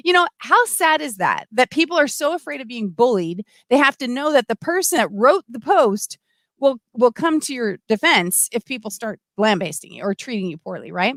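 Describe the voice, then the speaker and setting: A middle-aged woman hosting a casual livestream, chatty and animated, full of asides and restarts. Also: a little high, normal speed, dry recording. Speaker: livestream host. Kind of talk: casual livestream talk, reading comments.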